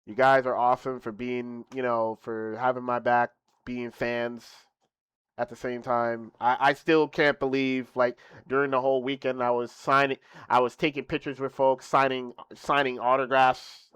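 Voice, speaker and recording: A young man streaming casually to his viewers, boasting playfully, laughing, then thanking them softly. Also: medium pitch, little pitch movement, moderate pace, smooth, no echo.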